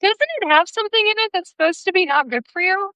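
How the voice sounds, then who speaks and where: High-voiced woman asking hesitant questions. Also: animated, fast, sharp tone, no room sound. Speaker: stream guest. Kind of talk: casual chat.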